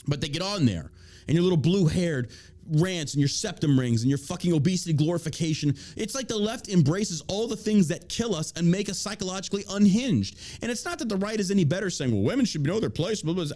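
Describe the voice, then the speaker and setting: A man hosting an opinion podcast, his voice sitting a little high and swinging widely as he rants. He swears freely and mocks his targets by imitating them. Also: a little mellow. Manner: profane, heated ranting; mocking put-on quotes. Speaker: podcast host.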